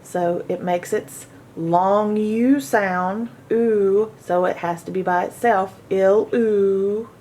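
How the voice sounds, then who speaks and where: A woman teaching a phonics lesson to children, sounding out each word slowly, syllable by syllable. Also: fairly low pitch, a little mellow, slight background noise. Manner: slow, sounding out syllables one by one. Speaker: reading teacher.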